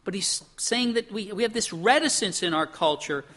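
High, bright-voiced preacher man. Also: animated, normal speed. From Pennsylvania. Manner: conversational preaching with rhetorical questions, acts out quotes; repeats words as he restarts. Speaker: pastor. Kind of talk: sermon.

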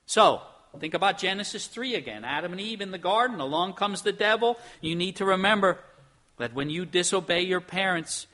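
A middle-aged man preaching a sermon in an earnest, emphatic way, moving between soft and loud. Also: high voice, expressive, a little fast. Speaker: pastor.

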